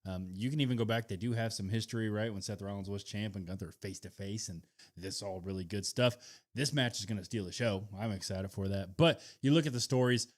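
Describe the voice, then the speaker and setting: A man co-hosting a wrestling podcast, talking through picks in a relaxed, matter-of-fact way. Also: on the low side, fairly quick. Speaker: podcast co-host. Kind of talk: casual wrestling chat.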